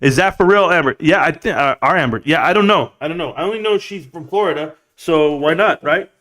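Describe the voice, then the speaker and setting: A young man runs a casual livestream chat, his voice sitting a bit higher than most men's. He jokes crudely, laughs a lot and keeps calling everyone bro. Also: brisk, a bit bright. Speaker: livestream host.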